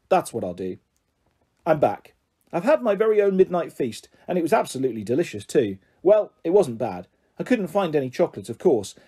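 Mellow man reading a children's story. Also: fairly high pitch, breathy edge. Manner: lively, expressive first-person narration. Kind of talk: reading a children's book aloud.

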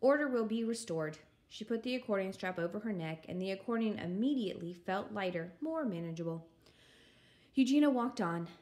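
A woman narrating a children's chapter book at a calm, measured pace, her voice sitting right in the middle of the usual range. She tells the story plainly and evenly. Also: medium pitch. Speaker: story reader. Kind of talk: reading a children's book aloud.

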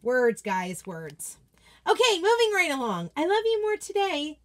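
Female host, high voice, gushing and chatty, casual live craft unboxing. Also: huge pitch swings, unhurried. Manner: gushing, chatty, reads viewer comments aloud. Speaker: craft product consultant and host.

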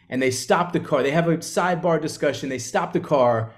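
A man, an author, telling an animated story in an onstage conversation and acting out the quotes. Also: fairly high pitch, a little fast. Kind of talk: live conversation on stage.

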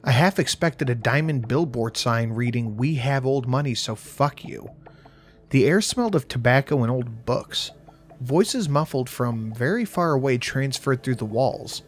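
A man narrates a first-person horror tale in a wry, measured way. His voice sits in an ordinary middle range. Faint background music runs under him. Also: medium pitch, animated.

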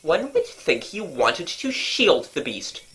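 A woman voicing an agitated middle-aged country gentleman who fumes and exclaims indignantly. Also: low-pitched, big pitch swings, takes it slowly, full character voice. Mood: fuming. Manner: indignant, fuming.

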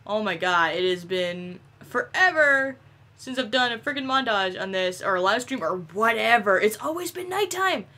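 Excitable young woman doing gameplay commentary. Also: medium pitch, moderate pace. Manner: excitable, swears often, laughs a lot. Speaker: gameplay video creator.

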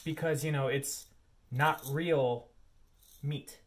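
A man's voice: mid-range voice, fairly even intonation, slow pace. Man, cooking vlog host, chatty, goofy, rambling, faint background noise. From Lower Peninsula of Michigan.

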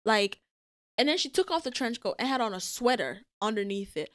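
Animated woman telling stories, laughing a lot. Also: a little high, a little fast, no echo, clean studio sound. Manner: animated storyteller, laughs often, acts out quotes loudly. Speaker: podcast co-host. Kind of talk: casual chat.

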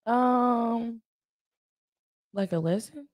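A woman in her late twenties in casual podcast chat, animated and talkative, often asking "you know what I mean.". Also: on the high side, drawn-out words, dry recording, clean studio sound. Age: 20s. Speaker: podcast guest.

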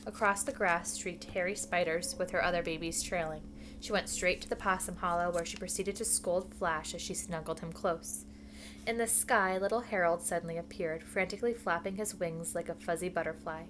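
A woman's voice: fairly low pitch, steady tone, normal speed, noisy background. A woman reading a children's book aloud at home, with casual asides. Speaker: reader.

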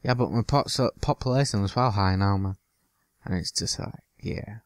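A man's voice: fairly low pitch, normal speed, smooth, dry recording, clean studio sound. A man giving loose, joking commentary over his own gameplay, swearing now and then and slipping into silly bits. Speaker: gaming channel host.

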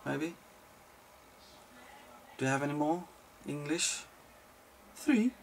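Slow, gravelly, sleep-deprived man. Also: mid-range voice, a little hiss or hum. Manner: swears freely, rambles and jokes. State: tired from lack of sleep. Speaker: video host answering viewer questions. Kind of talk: casual rambling chat.

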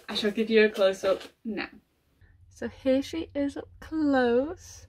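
A woman gushing excitedly through an unboxing vlog, gasping and giggling as she talks. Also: fairly high pitch, measured pace, slight background noise. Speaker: collector unboxing a model horse. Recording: voice a little far from the mic.

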